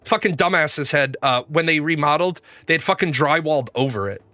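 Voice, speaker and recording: Bright-voiced, profane gaming show host. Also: male voice, on the high side, expressive, a little fast, no room sound, soft background music. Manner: profane, blunt, rambling. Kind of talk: casual livestream storytelling.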